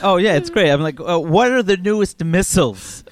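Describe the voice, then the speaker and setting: A man on a comedy podcast, making halting, deadpan jokes. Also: high-pitched, slight background noise.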